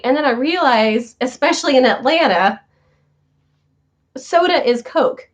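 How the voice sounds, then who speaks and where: A young woman hosting a casual talk show, chatting to viewers and telling animated stories with quoted voices. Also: high voice, moderate pace, pauses often. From northern United States. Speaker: show host. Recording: slightly dull lo-fi sound.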